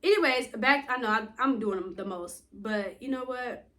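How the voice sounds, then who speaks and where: A woman's voice: on the high side, moderate pace, a bit bright. A young woman vlogging in a casual, rambling way, telling stories animatedly and acting out dialogue, laughing often, recorded on wireless earbuds. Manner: laughs often while talking. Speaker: YouTuber. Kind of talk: casual rambling vlog talk.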